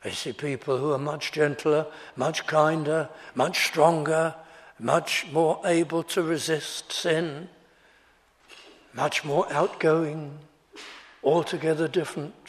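Slow, earnest preacher in a reverberant hall. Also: male voice, fairly high pitch. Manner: measured, earnest preaching, rising to fervent emphasis. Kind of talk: sermon. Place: church before a congregation. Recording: long reverb of a large church hall.

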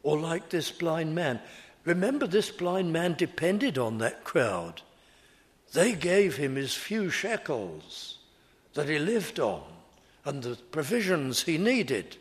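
A man preaching a sermon in slow, deliberate, repetitive phrases. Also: on the high side, sing-song.

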